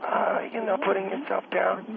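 A man voicing a rambling, motherly older woman calling in, who speaks in a gentle, halting way. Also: high voice, little pitch movement, vocal fry. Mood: soothing. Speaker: caller. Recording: tinny phone line with loud background noise.

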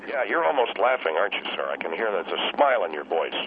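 A man doing a gravelly, grumbling old husband. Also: lowish voice, very animated, fast, narrow, tinny audio, background noise, voice pushed down. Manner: grumbling, suspicious, rambling. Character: gruff, grumbling older husband. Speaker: radio show guest.

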